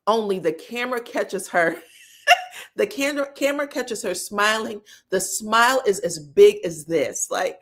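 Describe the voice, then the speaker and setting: A woman hosting a live reaction stream, recapping reality TV drama in an animated, emphatic way and laughing often. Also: medium pitch, a little slow. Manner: acts out cast members' lines in quoted voices. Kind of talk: live gossip reaction chat.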